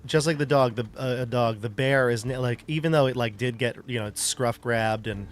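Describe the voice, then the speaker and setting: A man's voice: mid-range voice, brisk, slight background noise. A man narrating as game master of a tabletop game, loose and rambling with many fillers. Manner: loose, rambling narration full of "like" and "you know".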